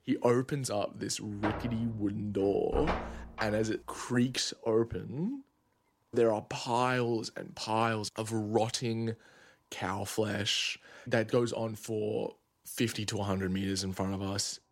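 A man in his twenties telling a personal travel story in a casual, vivid way with quick asides. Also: lowish voice, fairly even intonation. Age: 20s. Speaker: student storyteller.

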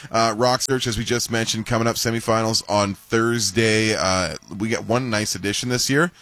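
A man's voice: on the low side, fairly even intonation, normal speed, fairly bright tone, no room sound. A man hosting a radio show, chatting casually and running through announcements with plenty of filler words.

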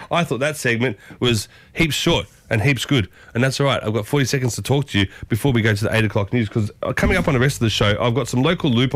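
An Australian man chats on his own morning radio show, upbeat and talkative, his voice leaping up high when he gets excited. His voice sits at a middle pitch. The studio sound is dry and close. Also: dry recording. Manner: chatty, upbeat, excitable with sudden high bursts. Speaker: radio host. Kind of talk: solo morning radio chat. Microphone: studio microphone.

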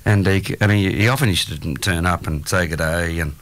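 A middle-aged Australian man hosting a radio chat, rambling and halting with lots of fillers. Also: low voice, fairly bright tone. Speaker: radio host. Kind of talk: casual chat.

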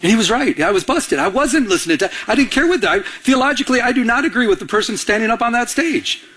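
Talking fast with an extremely high, expressive, somewhat bright voice, a pastor from Michigan tells personal stories during his sermon and performs the voices of the characters in them.

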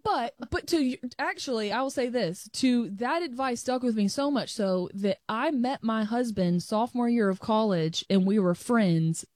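A woman's voice: fairly high pitch, normal speed, few pauses, a little mellow, dry recording, clean studio sound. A young adult woman co-hosting a show, telling stories in a chatty way with frequent restarts. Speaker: co-host. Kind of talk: casual chat.

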